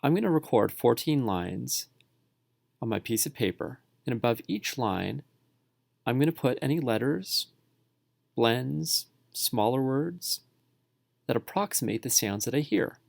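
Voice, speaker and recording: A male teacher narrating a spelling tutorial for parents and students, speaking slowly and sounding words out syllable by syllable. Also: medium pitch, lively intonation, a little mellow, no room sound, studio quality. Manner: slow, clearly enunciated, sounding words out.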